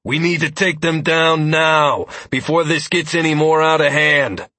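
A male narrator voicing a hard, gruff male swordsman leader in an audiobook, speaking in a dismissive way. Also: a little high, steady tone, a little slow, pushed and bright, no room sound, pitched above the performer's own voice. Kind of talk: audiobook character voice.

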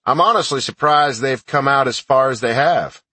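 A man voicing a gruff, sarcastic older army sergeant who barks dry retorts, a character voice in an audiobook. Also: medium pitch, moderate pace, bright, forceful tone, no room sound, pitched above the performer's own voice. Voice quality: gruff, barking.

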